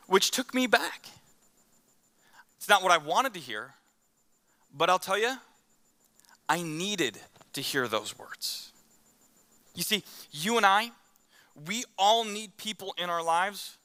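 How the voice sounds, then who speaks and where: A man's voice: sits high, lively intonation, slow pace, sharp tone. A man preaching a conversational sermon, telling stories and acting out the quotes in them. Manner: acts out quotes in the story. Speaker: pastor.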